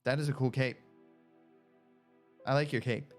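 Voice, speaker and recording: A woman giving casual gameplay commentary, excitable, talking to herself and coaxing a pet along. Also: very deep voice, a little slow, faint music behind. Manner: animated, talks to herself and coaxes a pet pig; excitable shouts and cheers. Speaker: gaming streamer.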